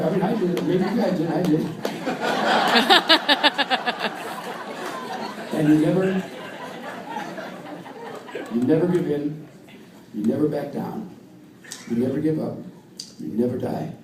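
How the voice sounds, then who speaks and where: Older American coach in an echoey hall. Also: male voice, fairly high pitch, mellow. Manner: earnest, storytelling, emphatic repetition. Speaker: wrestling coach giving induction speech. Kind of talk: emotional speech at an awards dinner. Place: banquet hall with audience. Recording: distant, echoey hall with faint room noise.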